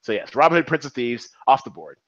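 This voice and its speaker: Man in his forties, podcast host, lively swooping pitch, dull dry lo-fi sound. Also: fast, dry recording. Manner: animated, profane, rambling with restarts. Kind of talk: casual movie chat.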